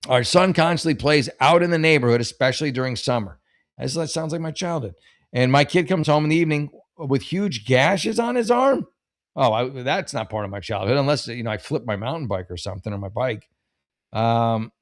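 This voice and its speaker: A man's voice: medium pitch, expressive, brisk. A middle-aged man hosting a casual advice show. He reads listener questions and rambles through jokes and personal stories, with many restarts. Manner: rambling, jokey, many restarts and self-corrections.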